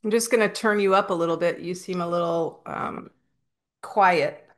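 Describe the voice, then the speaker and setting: A woman's voice: lowish voice, moderate pace. A woman hosting a spiritual interview, talking casually and hesitantly to viewers and asking an AI voice questions. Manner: hesitant, with fillers and restarts. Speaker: host interviewing an AI voice. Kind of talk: casual spoken talk to viewers.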